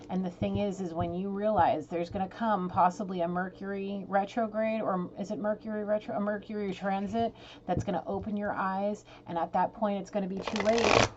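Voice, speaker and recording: A woman's voice: mid-range voice, steady tone, moderate pace. A woman giving a casual tarot reading, emotional, blunt and exasperated as she talks. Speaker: tarot reader. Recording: dull lo-fi sound with clear noise.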